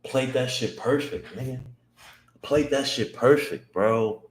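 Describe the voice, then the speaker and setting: A young man in his twenties livestyle-narrating his day trades to himself, slangy and full of swearing, repeating lines and jumping into high excited yelps. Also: takes it slowly. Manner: excitable, swears constantly, bursts into high hyped shouts. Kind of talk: live trading vlog, talking to himself.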